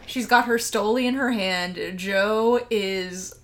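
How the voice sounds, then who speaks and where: A woman's voice: mid-range voice, takes it slowly. A woman co-hosting a casual film discussion, enthusiastic and emphatic as she dwells on key words. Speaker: podcast co-host.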